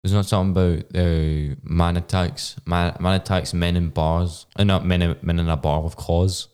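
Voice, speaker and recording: A young man co-hosting a casual podcast chat, talking in a halting, unsure way. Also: sits low, flat delivery, a little mellow, clear, resonant tone. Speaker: podcast co-host. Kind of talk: casual chat reviewing a TV episode.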